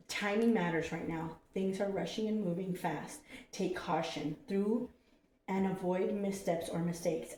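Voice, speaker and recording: A woman's voice: on the low side, darkish tone. Chatty woman reading cards in a roomy space. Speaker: host reading oracle cards. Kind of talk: casual card-reading livestream. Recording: roomy, distant from the mic with faint noise.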